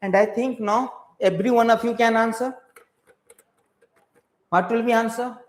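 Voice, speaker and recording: A man's voice: very high voice, steady tone, normal speed. A man with an Indian English accent teaching a live online exam-prep class. He switches between English and Hindi, repeats his points and keeps quizzing his viewers. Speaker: engineering exam tutor. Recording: roomy echoey room.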